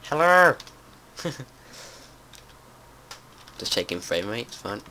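A young-sounding man chats his way through a survival game at home, his voice sitting low. He swears freely and breaks into panicked shouts when startled, with faint outdoor noise and keyboard tapping behind him. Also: big pitch swings, slow. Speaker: gameplay commentator. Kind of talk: casual let's-play commentary. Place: home room with window open. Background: faint outdoor noise and keyboard typing.

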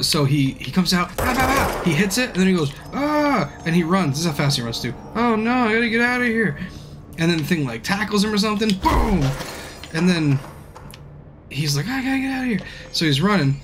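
A young man streaming a game, rambling, swearing and telling stories in animated bursts. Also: fairly high pitch, slight background noise. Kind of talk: live-stream gameplay commentary.

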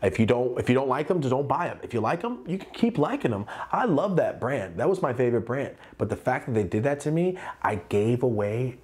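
A young man tells a story in a loose, casual way. He swears freely and jumps in pitch when he acts out what others said. His voice sits in a middle register. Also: fairly quick, few pauses. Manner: animated, profane, acts out quotes. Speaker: clothing brand owner and vlogger.

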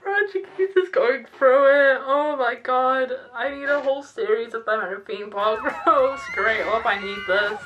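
A young woman hosting a reaction video, chatting excitably, laughing often and using slang. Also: on the high side, measured pace, hardly any pauses, highs cut off, slight background noise. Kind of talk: casual reaction commentary.

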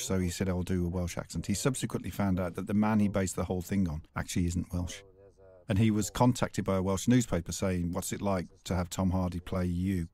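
A British filmmaker giving relaxed, anecdotal commentary on his film. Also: low-pitched.

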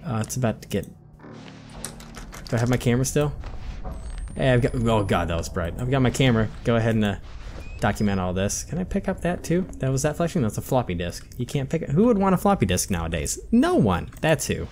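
A man's voice: mid-range voice, sing-song, a little fast, darkish tone, slight background noise. A man giving jumpy horror game commentary, talking to himself and swearing when startled. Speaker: let's play commentator.

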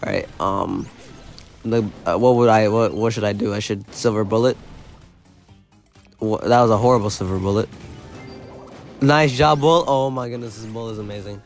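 A man giving live gameplay commentary, excitable and self-mocking, often yelling in bursts, his voice going hoarse. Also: lowish voice, moderate pace, long pauses, soft background music. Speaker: gaming YouTuber.

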